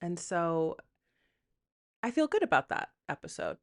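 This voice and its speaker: A woman's voice: on the low side, big pitch swings, a little slow. A woman hosting a solo podcast, talking frankly and rambling in a self-deprecating way, often quoting her own inner thoughts and swearing casually. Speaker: podcast host. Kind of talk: candid solo podcast monologue.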